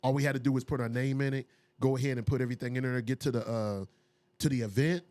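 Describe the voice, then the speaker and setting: A man's voice: fast talker, no room sound. A man, a music producer and DJ, telling stories casually in an interview, acting out what people said. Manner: animated, acts out quotes with raised pitch.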